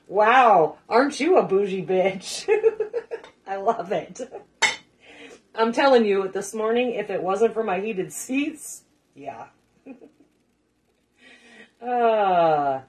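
With a mid-range voice and a darkish tone, this middle-aged cooking show host runs a relaxed livestream. She talks with her viewers, laughs a lot, and swears in a casual way.

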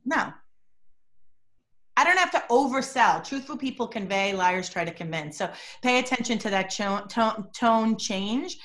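A woman's voice: a little high, lively intonation, normal speed, hardly any pauses, a bit bright. A middle-aged woman, a body language expert, talking energetically and emphatically as a podcast guest. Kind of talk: podcast interview.

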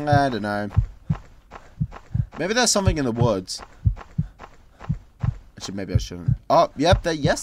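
A man's voice: mid-range voice, noisy background. Exasperated man yelping through horror gameplay. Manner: sarcastic, exasperated grumbling with sudden screams. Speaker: gameplay commentator. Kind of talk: horror game let's play commentary.

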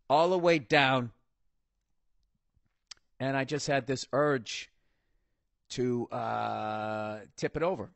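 A man's voice: on the high side, a bit bright, no room sound. A middle-aged American man hosting a podcast, ranting profanely through a comic monologue and mocking people in put-on voices. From United States. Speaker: podcast host. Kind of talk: comedic monologue rant.

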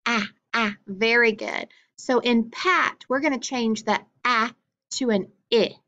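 Woman teacher doing phonics with little kids, slow and super clear, kinda muffled lo-fi audio. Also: on the high side, pushed and bright. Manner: slow, clearly enunciated, encouraging praise. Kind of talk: phonics lesson for children.

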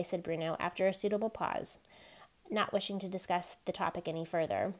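Woman, reader, novel read aloud, steady quiet narration, lower voice. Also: brisk.

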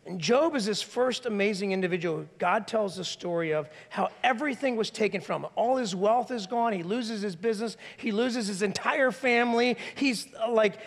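A male pastor with a high voice delivers a lively, conversational sermon, slipping into the voices of the people he quotes. His words ring out with a long reverb from the church hall. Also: normal speed, vocal fry, hardly any pauses. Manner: animated, conversational preaching, acts out quoted voices. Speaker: lead pastor. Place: church sanctuary.

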